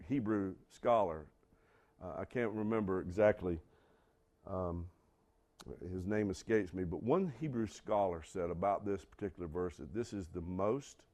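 A man preaching a sermon, acting out dialogue and putting questions to the congregation, swinging from loud outbursts to quiet asides. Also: fairly low pitch. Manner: acts out quoted dialogue, asks the congregation questions. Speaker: pastor.

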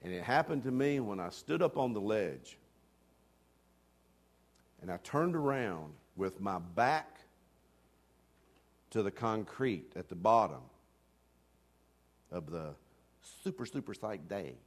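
Animated preacher man telling a story. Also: lowish voice, takes it slowly, pauses often. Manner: animated, swings from hushed asides to loud excited bursts; self-deprecating humor. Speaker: pastor. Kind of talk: storytelling sermon.

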